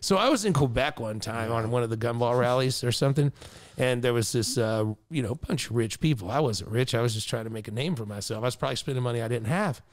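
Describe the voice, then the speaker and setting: A man's voice: medium pitch, lively intonation, fast. A man hosting a casual podcast chat, swearing freely and rambling through long anecdotes. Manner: crude, rambling storyteller. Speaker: podcast host.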